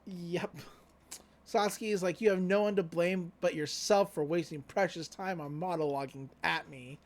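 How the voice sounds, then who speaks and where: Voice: medium pitch, fairly even intonation, normal speed. A podcast co-host casually retelling an anime episode, laid-back and loose with lots of fillers and offhand paraphrased quotes. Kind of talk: casual recap chat.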